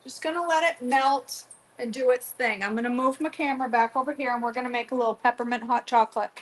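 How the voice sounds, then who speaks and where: A woman's voice: a little high, fairly even intonation, fast talker, poor audio. A middle-aged woman chatting casually while cooking in her home kitchen, teasing viewers by name. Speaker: cooking vlogger.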